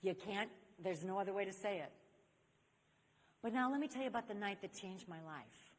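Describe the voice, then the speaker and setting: In a large convention hall with long reverb, an older woman gives her personal testimony to a church youth convention, telling it animatedly and voicing the characters in it. She speaks in a mid-range voice at a moderate pace.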